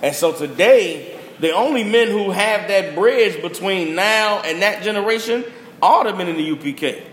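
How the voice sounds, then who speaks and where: With a high, slightly bright voice and lively intonation, a young adult podcast host speaks at a moderate pace. His heated, casual rant is punchy and blunt, full of slang and repeated lines, captured in a reverberant room with faint noise.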